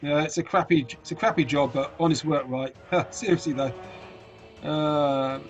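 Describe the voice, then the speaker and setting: A man's voice: fairly high pitch, fairly even intonation, normal speed, lo-fi sound, soft background music, natural voice. A man doing a smug, wry official.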